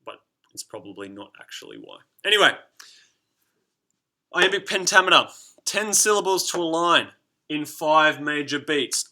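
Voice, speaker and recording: A man with a bright, slightly high voice gives a recorded lesson to his students. He talks in a lively, encouraging way and chants rhythms aloud to make a point stick. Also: moderate pace, pauses often. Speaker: teacher.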